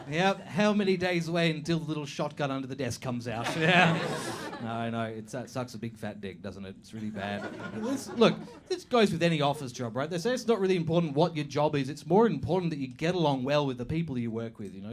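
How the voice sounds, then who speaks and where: A man doing a stand-up comedy set on a club stage, sweary and animated, mocking strangers with quick impressions. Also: fairly high pitch, noisy background.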